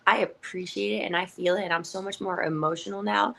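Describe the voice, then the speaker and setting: A young adult woman pro wrestler, a guest in a casual interview, talking in an animated way with many fillers and frequent laughs. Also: mid-range voice, a little fast, gravelly.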